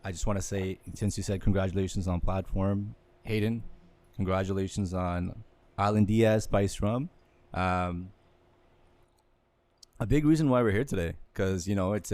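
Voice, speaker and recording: A man's voice: deep voice, fairly even intonation, normal speed, a little mellow, no echo. A man hosting a podcast at a distillery, easygoing in casual chat and steering it with questions. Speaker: podcast host. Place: indoors at a distillery.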